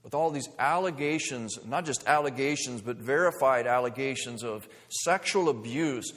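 A man's voice: medium pitch, normal speed, hardly any pauses, fairly bright tone, in a large hall. A male pastor preaching a sermon, full of rhetorical questions and building to emphatic points.

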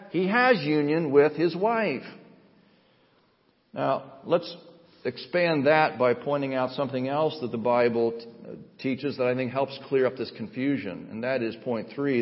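Man preaching in an echoing sanctuary. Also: medium pitch. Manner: measured, earnest preaching with emphatic rises. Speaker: pastor. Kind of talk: sermon with scripture reading. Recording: dull sound with long hall reverb.

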